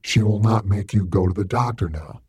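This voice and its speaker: A man voicing a sinister unseen male entity that calmly commands and coaxes a child, in a low husky voice. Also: moderate pace, no room sound. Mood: coaxing, commanding. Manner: calm, commanding, coaxing. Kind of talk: audiobook character voice.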